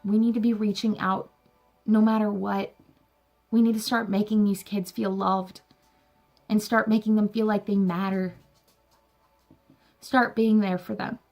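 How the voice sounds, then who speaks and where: Young woman vlogger, earnest and encouraging, gravelly fry in her voice, soft music underneath. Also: medium pitch. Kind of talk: heartfelt personal talk to camera.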